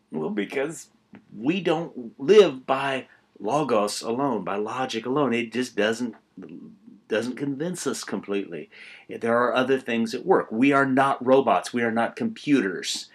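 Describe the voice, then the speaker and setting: Husky older guy teaching writing class, rambly and casual, lots of restarts. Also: medium pitch. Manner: conversational, storytelling with asides and restarts. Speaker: college writing instructor. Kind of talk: informal recorded lecture.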